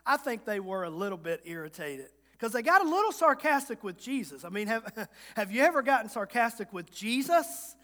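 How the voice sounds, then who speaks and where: A man's voice: high voice, sing-song, normal speed, bright, forceful tone. A man with a Southern Virginia accent preaching a sermon, folksy and humorous, building to emphatic repetition. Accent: Southern American, Virginia. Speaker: guest preacher. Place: church sanctuary. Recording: long reverb of a church hall.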